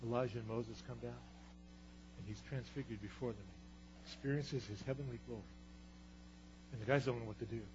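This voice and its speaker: A man preaching a sermon, telling stories with lively swings between loud and hushed delivery. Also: mid-range voice, fairly quick, pauses often. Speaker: pastor. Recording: dull sound with faint hum.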